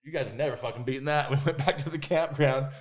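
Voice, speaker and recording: A man telling stories as a podcast guest, animated and profane, acting out what others said in bursts. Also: mid-range voice, fast talker. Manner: animated, profane, acts out quoted voices. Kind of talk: casual interview storytelling.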